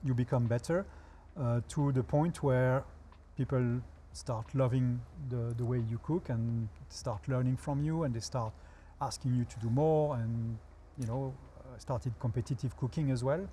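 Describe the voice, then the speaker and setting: A man with a French accent speaks as a guest chef on a television talk show. His voice sits at an ordinary middle pitch, and he explains step by step with relaxed, dry humor. A faint hiss of noise runs underneath. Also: unhurried. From France.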